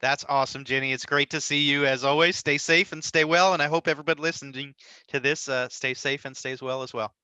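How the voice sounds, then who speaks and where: A man speaks as an interview guest, walking through advice with steady confidence and a rhetorical "right?" now and then. His voice is very bright and forward. The sound is dry and close, with no room around it. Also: medium pitch, a little fast, clear, resonant tone, no room sound, rough recording. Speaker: nonprofit merger consultant, guest. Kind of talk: conversational interview answers.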